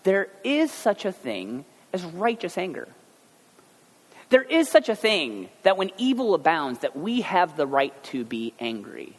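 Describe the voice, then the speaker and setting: A fairly high-voiced man preaching a conversational sermon, his pitch rising and falling all over. He tosses in joking asides and keeps it informal. The sound carries a long reverb from a big hall. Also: huge pitch swings, measured pace. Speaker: pastor.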